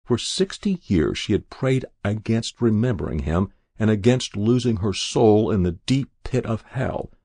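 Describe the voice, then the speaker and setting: Gravelly low-voiced male story reader. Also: expressive, unhurried, hardly any pauses, warm tone, no echo, clean studio sound. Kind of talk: literary audiobook narration.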